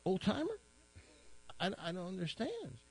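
A man's voice: high voice, huge pitch swings, normal speed, creaky, slightly rough, voice pushed up, heavily acted. A man voicing a kindly male police officer who coaxes and questions. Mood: concerned.

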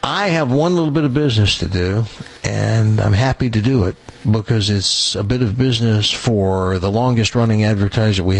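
A male radio host with a somewhat low, husky voice. He talks in a chatty, animated way, joking with his co-hosts before reading a live ad into a studio microphone. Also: no room sound. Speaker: radio talk show host. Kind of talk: casual radio banter and live ad read.

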